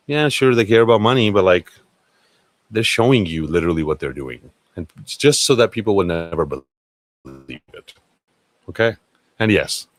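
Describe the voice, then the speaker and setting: A man's voice: low-pitched, dry recording. A man hosting a casual livestream, rambling and swearing as he talks to viewers. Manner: rambling, profane, excitable. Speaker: livestream host.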